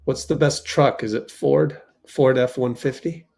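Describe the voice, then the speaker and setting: Hosting a watch party stream for fans, this man gives loose play-by-play, reacts loudly to the action and reads chat messages aloud. He has a creaky, mid-range voice with fairly steady intonation, and he talks a little slowly.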